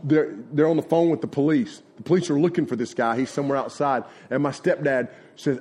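A man's voice: medium pitch, steady tone, fairly quick, darkish tone, slightly rough. A middle-aged man, preaching a sermon in a folksy, conversational way and acting out retold conversations. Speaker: pastor. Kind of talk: sermon with personal storytelling.

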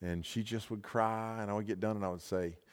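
Male pastor, very low voice, loose rambling sermon delivery, long hall echo. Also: steady tone, brisk, smooth. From United States. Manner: casual, rambling, with many fillers and restarts. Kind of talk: storytelling sermon. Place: large hall at a camp session.

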